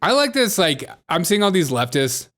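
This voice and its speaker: A man's voice: high-pitched, very animated, normal speed, a bit bright, soft background music. A man hosting a comedy news show, commenting in a mocking tone and laughing often.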